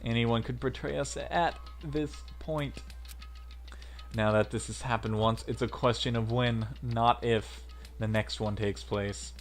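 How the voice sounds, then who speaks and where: A man voicing a cool-headed teenage girl who reasons calmly and soberly. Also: medium pitch, soft background music, close to an everyday voice. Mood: grave. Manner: calm, measured, analytical.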